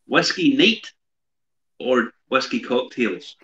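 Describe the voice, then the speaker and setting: A man's voice: medium pitch, lively intonation, slow, bright, forceful tone. Male co-host on a dull, echoey line. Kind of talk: casual chat.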